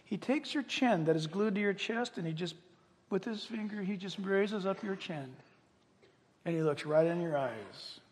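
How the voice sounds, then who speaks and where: Older preacher in a big echoing hall. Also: male voice, sits high, lively intonation, moderate pace. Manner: swings from quiet intimacy to loud impassioned calls; acts out quoted voices, jokes with the crowd. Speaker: pastor. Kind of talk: sermon.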